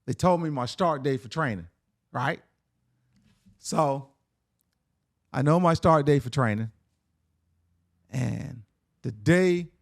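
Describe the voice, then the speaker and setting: A man, a podcast guest, telling a personal story in a relaxed, conversational way and tagging "man" and "right?" onto his lines. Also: medium pitch, vocal fry, no echo, studio quality. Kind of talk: casual storytelling.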